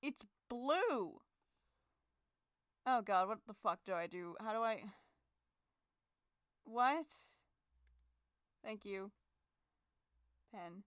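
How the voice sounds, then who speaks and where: A woman's voice: mid-range voice, lively intonation, very slow, long pauses, no room sound, studio quality. A young woman digital artist, muttering and swearing in exasperation to herself as she works. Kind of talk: frustrated casual talk while drawing.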